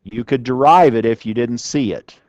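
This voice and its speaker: Male lecturer with a smooth, dry voice. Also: medium pitch, normal speed, darkish tone, no echo, highs cut off. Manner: conversational, asks the class questions. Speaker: university lecturer. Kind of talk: classroom lecture. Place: lecture room.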